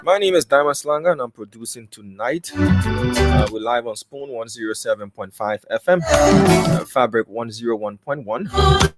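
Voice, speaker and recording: A man hosting a radio talk show, opening it in a brisk announcer manner. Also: mid-range voice, animated. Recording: loud music bed behind voice.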